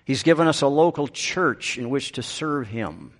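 A man's voice: medium pitch, animated, moderate pace. A middle-aged man preaching a sermon as pastor, swinging up to emphatic peaks and dropping into dry, self-aware humor.

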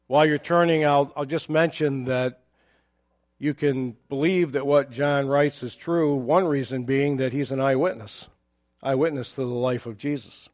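A pastor preaching a sermon, explaining a Bible passage in a measured, teacherly way with occasional fillers. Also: male voice, medium pitch, fairly even intonation, a little mellow.

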